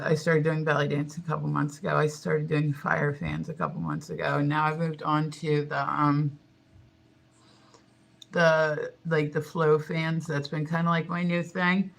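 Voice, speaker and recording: A man's voice: a little high, gravelly, a bit bright. A man chatting casually to viewers on a phone livestream, rambling with lots of fillers.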